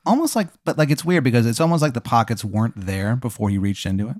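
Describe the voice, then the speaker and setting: Animated man spinning a comic tale. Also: medium pitch, quick pace, no room sound, studio quality. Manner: rambling, animated, with fillers. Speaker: podcast host narrating a hypothetical. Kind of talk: improvised comic storytelling.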